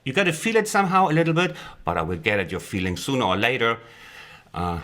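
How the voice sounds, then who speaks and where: A man teaching a piano lesson in a playful way, counting rhythms out loud and joking. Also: mid-range voice, very animated, fast. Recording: loud piano playing under the voice.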